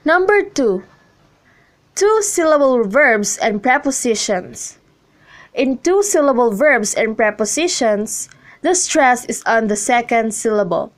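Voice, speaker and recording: A young woman reading a scripted classroom lesson, slowly and carefully, with pauses between listed example words. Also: a little high, lively intonation. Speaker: student presenter.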